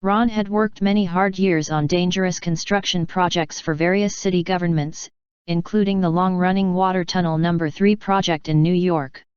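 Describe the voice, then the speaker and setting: A woman narrating a fan story in a steady audiobook reading. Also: lowish voice, moderate pace, clean tone, dry recording, muffled recording. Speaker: fanfiction reader.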